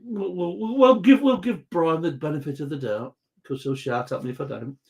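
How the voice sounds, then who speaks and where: A man's voice: fairly high pitch, normal speed, darkish tone. A British man hosting a casual live chat quiz, joking and reading out viewer comments. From Britain. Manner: jokey, reads viewer comments aloud. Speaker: host.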